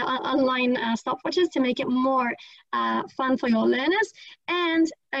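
Chatty teacher lady with a high gravelly voice, talking fast over a dull dry video call mic. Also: fairly bright tone, dry recording. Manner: quick, chatty, many fillers and restarts. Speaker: English teacher presenting at a conference. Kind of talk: online teacher training presentation. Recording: dry, slightly dull lo-fi audio.

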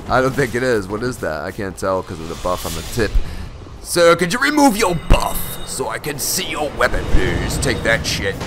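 A young man giving excitable, profane live commentary over his own gameplay, often bursting into shouts. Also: mid-range voice, moderate pace, over music. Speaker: gaming channel host.

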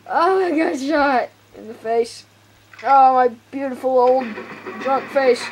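A woman doing goofy, excitable gaming commentary on a headset, joking and laughing at herself. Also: high-pitched, takes it slowly. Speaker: let's play gamer. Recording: game noise over the voice.

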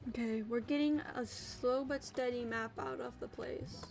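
A woman streams a game and chats casually, squealing and cooing at the creatures on screen while game music plays. Her voice is a little high and a little mellow, with vocal fry, fairly even intonation and a normal speed.

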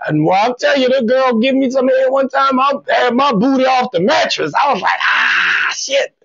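A man hosting a live comedy stream, telling raunchy stories loudly with shouted outbursts and groans, and chatting with viewers by name. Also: very high voice, a little fast, background noise. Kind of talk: raunchy comedic livestream monologue. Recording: dull lo-fi stream audio.

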